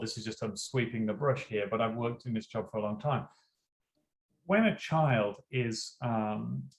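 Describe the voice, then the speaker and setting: A man in his forties, a teacher and school principal, telling classroom stories in an earnest, conversational way during an interview. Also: mid-range voice. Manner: earnest, storytelling, acts out classroom dialogue. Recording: echoey room.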